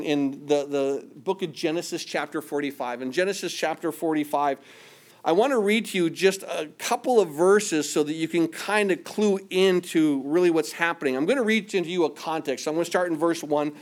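Higher-voiced man preaching a sermon. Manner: earnest preaching, voice dropping soft in quoted prayers. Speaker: pastor.

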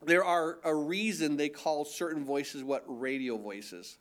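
Older pastor preaching with restarts. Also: male voice, fairly high pitch, measured pace, a bit bright. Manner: conversational preaching with repetitions and restarts; mock-incredulous put-on voices for emphasis. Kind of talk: sermon.

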